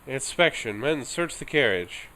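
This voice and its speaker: A man's voice: medium pitch, sing-song, a little slow, bright, forceful tone, pitched above the performer's own voice. A man reading aloud game characters' lines in a hammy, slightly raised voice. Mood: hamming.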